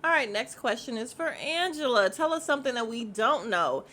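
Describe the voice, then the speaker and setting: Woman host, casual podcast chat: blunt, profane, animated, with a sharp, slightly high voice. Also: normal speed. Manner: animated, mimics voices of others in quotes. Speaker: podcast host recapping a reality show.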